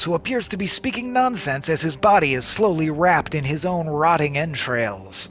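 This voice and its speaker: A man's voice: on the high side, lively intonation, moderate pace, hardly any pauses, fairly bright tone. A man playing a video game aloud, reading its text in casual, profane asides. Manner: casual, profane asides between read-outs. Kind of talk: game playthrough with narration.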